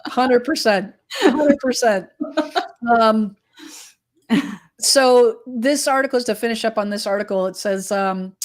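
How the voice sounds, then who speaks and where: A woman's voice: fairly high pitch, measured pace, pauses often. A woman from Massachusetts in her forties, hosting a casual real estate chat with emphatic repeated phrases. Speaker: real estate podcast host.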